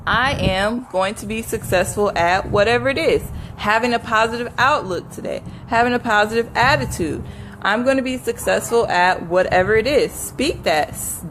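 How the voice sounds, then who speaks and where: A woman's voice: medium pitch, noisy background. A woman giving a live motivational talk to her viewers, repeating affirmations earnestly and laughing often. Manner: speaks to viewers by name. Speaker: motivational speaker.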